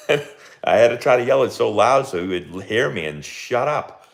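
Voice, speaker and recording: A man's voice: medium pitch, animated, normal speed. A young man, a baseball coach hosting a casual live watch-along and chatting with lots of fillers and laughs.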